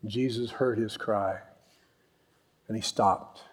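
A man preaching a sermon, telling Bible stories with animated acted-out voices. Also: lowish voice, takes it slowly, husky. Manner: animated storytelling, acts out voices and yells. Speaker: pastor.

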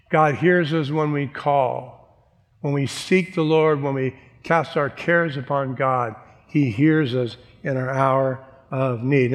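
Male pastor, sermon delivery: emphatic, conversational, slightly high voice, reverberant hall sound.

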